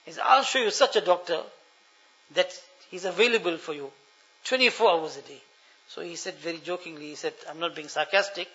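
A man preaching a sermon, telling a story and pleading earnestly with his listeners, dropping to a hush and then rising loud. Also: a little high, brisk. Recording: dull lo-fi sound.

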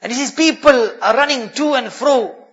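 Guy preaching, dramatic storytelling w arabic phrases mixed in, really high bright voice. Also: moderate pace, muffled recording. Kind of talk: sermon storytelling.

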